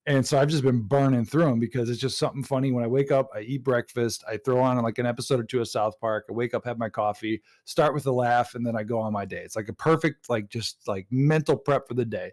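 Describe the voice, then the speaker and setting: A young adult man hosting a podcast in casual chat, telling stories excitedly with frequent laughter. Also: mid-range voice, quick pace, few pauses. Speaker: podcast host.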